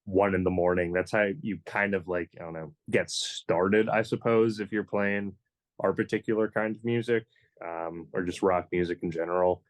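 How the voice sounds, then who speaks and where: Low-voiced man, rambling and joking. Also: fairly even intonation, moderate pace. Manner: rambling, leans on "you know", joking. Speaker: band member, guest. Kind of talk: casual podcast chat.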